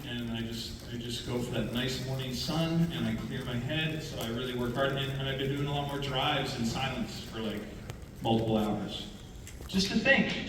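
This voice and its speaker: A Canadian man with a Canadian accent chatting playfully on a convention panel, often joking. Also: medium pitch. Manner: joking, playful, does voices. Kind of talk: casual panel chat. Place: large convention hall. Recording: echoey hall from far off, audible room noise.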